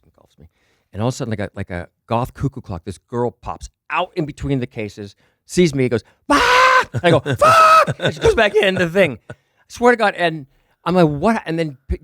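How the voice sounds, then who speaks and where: A middle-aged man telling stories as a podcast guest, excited and profane, acting out the people in his anecdotes. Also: medium pitch, dry recording, studio quality. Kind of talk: animated storytelling.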